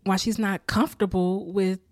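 Woman, casual recap host, lively and laughing, dry close sound. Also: medium pitch, normal speed, no room sound. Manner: animated, laughing, acting out character lines. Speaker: show recapper.

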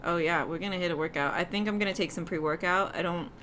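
A young woman with a Boston accent hosting a podcast in casual chat, playful and quick to laugh. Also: lowish voice, fairly bright tone, a little hiss or hum. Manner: playful, laughs easily, self-described hyper.

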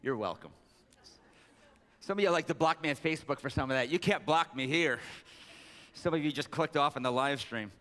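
A man's voice: expressive, normal speed, long pauses, a bit bright. A man preaching a sermon as pastor, joking with the congregation between scripture readings. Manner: jokey asides, reads scripture with raised pitch. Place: large church sanctuary. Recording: long hall reverb.

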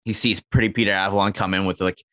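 Low-voiced man riffing in casual chat. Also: flat delivery, fast, pushed and bright, no echo, studio quality. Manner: pitching comedy bits, acts out characters.

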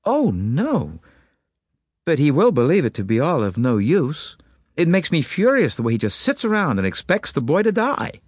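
A man's voice: medium pitch, very animated, normal speed, darkish tone, no echo, studio quality, voice pushed up. A man voicing an anxious, worried mother. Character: anxious, worried woman, mother of two boys.

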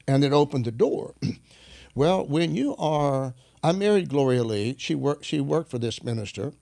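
A man who is a minister, telling stories in an animated, preaching style, often clearing his throat. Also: on the high side, normal speed, dry recording, studio quality. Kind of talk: storytelling preaching conversation.

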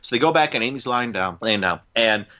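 A man's voice: mid-range voice, animated, brisk, over music. A man co-hosting a podcast, casually recapping a film plot in a rambling way and acting out the lines. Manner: rambling, acts out dialogue. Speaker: podcast co-host. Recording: dull lo-fi sound.

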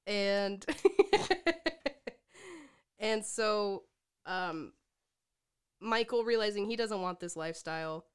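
Woman co-host, clear smooth voice, lively casual film recap with frequent laughter. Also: medium pitch, extremely slow, long pauses. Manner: animated, laughs often, acts out quotes. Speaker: podcast co-host. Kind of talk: casual movie recap chat.

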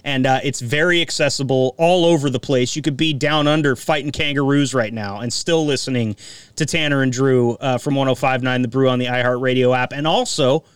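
Man host, casual rambling talk, smooth clear tone, sitting back from a dry mic. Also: medium pitch, fairly even intonation, fairly quick, no room sound, recorded from a distance. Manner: rambling, self-deprecating. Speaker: podcast host. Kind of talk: casual chat. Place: Eugene, Oregon.

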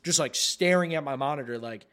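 A man's voice: fairly high pitch, fairly quick. A man hosting a podcast, telling a long story in casual chat, rambling and cursing freely with many fillers as he acts out what others said. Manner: rambling and heavy on profanity, with lots of "like" fillers; animated, re-enacts others in quoted asides. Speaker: podcast host.

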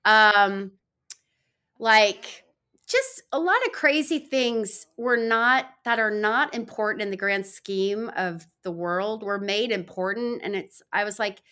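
Middle-aged woman, podcast guest; bright, lively delivery, chatty with many "like"s and acted-out quotes. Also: medium pitch, takes it slowly, clear, resonant tone. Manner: chatty, lots of fillers and quoted asides. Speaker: podcast guest, law firm founder. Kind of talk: casual interview chat.

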